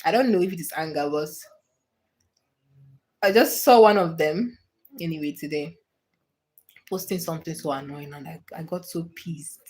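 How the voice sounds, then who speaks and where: A woman's voice: low-pitched, normal speed, pauses often, darkish tone. A woman hosting a casual livestream, answering viewers' comments with frequent laughter and repeated, restarted phrases. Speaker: livestream host.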